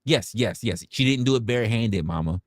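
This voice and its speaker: A young man on a livestream, telling a story to his viewers in a casual, profane, animated way and acting out quotes. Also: medium pitch, a little fast, dry recording, studio quality. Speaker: livestream host.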